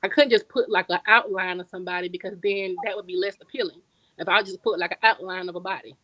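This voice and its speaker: A woman guest author chatting casually on a podcast, telling stories in relaxed slang and repeating words for emphasis. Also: medium pitch, fast, no room sound, poor audio. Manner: storytelling, conversational slang.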